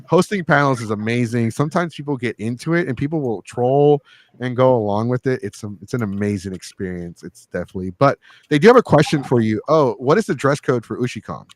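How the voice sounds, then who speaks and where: Male podcast host, crude and animated, mid-range voice, dry close sound. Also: mid-range voice, a little fast, no room sound. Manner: crude, joking, animated, laughs often. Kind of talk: casual storytelling chat.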